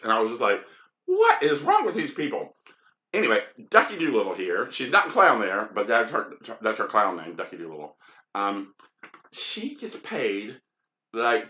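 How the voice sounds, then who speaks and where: A man's voice: medium pitch, sharp tone. Chatty man rambling over old photos. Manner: chatty, frank, lots of ums and asides. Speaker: podcast host sorting old photos. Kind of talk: casual rambling monologue. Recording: dull, lo-fi, roomy sound.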